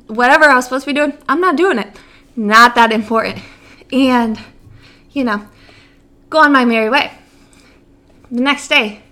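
High bright-voiced young woman storyteller. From Great Lakes region, USA. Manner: animated, laughing, acts out quotes with big jumps in pitch. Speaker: podcast co-host. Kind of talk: casual storytelling chat.

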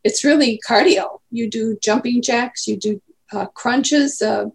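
A woman's voice: on the high side, unhurried, gravelly. A woman in her eighties, chatting casually as an interview guest and telling rambling stories. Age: 80s. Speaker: guest grandmother.

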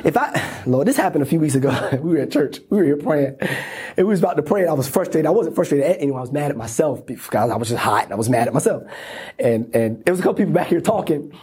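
A man's voice: on the high side, lively intonation, quick pace, a little mellow, slightly rough. A man pastor preaching a sermon in a church, acting out inner dialogue with sudden whispers and laughs. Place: church sanctuary.

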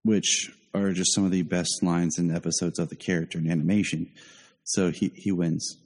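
Low mellow guy hosting a podcast chat, kinda echoey. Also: little pitch movement, moderate pace. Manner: opinionated, thinks aloud with repeats. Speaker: podcast host.

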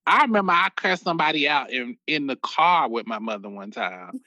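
Bright, lively man in casual chat. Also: mid-range voice, brisk, no echo, dull audio. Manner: animated storytelling, acts out loud quotes. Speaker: panelist.

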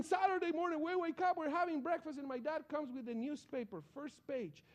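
A man preaching a sermon, telling a personal story in an animated, excitable way. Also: very high-pitched, a little fast, hardly any pauses. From Colombia.

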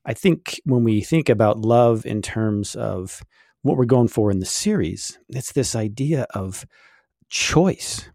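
A man's voice: fairly low pitch, expressive, slow, gravelly, mellow, dry recording, clean studio sound. A middle-aged man co-hosting a casual faith podcast, explaining at length with many fillers. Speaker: podcast co-host.

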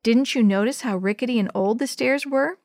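A woman voicing a kind young man who gently scolds a boy in a storybook. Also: a little high, brisk, no room sound, studio quality, lightly acted. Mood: gentle.

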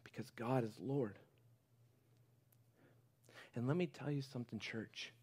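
A pastor preaching a sermon to his church, passionate, moving from quiet, intimate moments to loud, fervent exhortation. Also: medium pitch, measured pace, husky.

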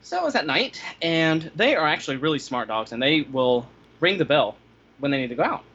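Bright-voiced man telling a lively story. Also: on the high side, brisk, slightly rough. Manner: animated, acts out his own past reactions. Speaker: podcast guest telling pet-sitting stories. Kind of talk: casual storytelling chat. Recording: slightly dull lo-fi sound.

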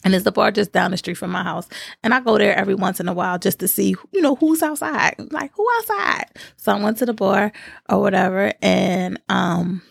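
A woman in her thirties spins a casual storytime, full of slang and sudden high-pitched jumps when she acts out what people said. Her voice has a gravelly fry to it, recorded close and dry with no room sound. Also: little pitch movement, brisk, dry recording. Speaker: vlogger.

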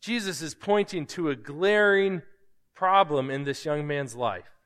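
A male pastor preaches with a high, bright, ringing voice, pressing his points through rhetorical questions. His words trail off into the long reverb of a large hall. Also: measured pace. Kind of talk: sermon.

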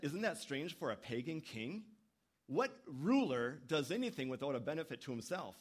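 A man preaching a sermon at a medium pitch. He keeps a conversational tone, stumbles now and then, and leaps higher when he acts out the speakers in his text. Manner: animated preaching, voicing quoted speakers with sudden pitch jumps. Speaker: pastor.

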